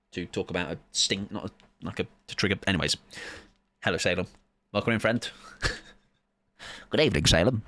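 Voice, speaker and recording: A man's voice: deep voice, fairly bright tone. A man, chatting casually with viewers as a game streamer in a playful, rambling, self-mocking way.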